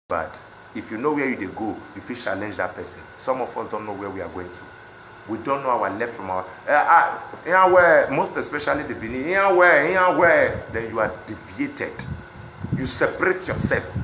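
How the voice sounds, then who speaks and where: Impassioned Nigerian man, bright echoey voice. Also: a little hiss or hum. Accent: Nigerian, Pidgin-inflected. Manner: passionate, swings between loud outbursts and low muttering. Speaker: celebrity speaking on protests. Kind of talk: impassioned monologue. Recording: echoey room.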